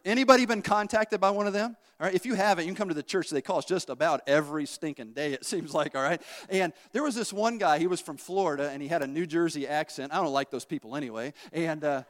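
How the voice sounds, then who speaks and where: A man preaching a sermon as pastor, telling stories in an animated way that rises to shouting at peaks. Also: high-pitched, fast, in a large hall. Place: church sanctuary. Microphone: handheld or stage mic.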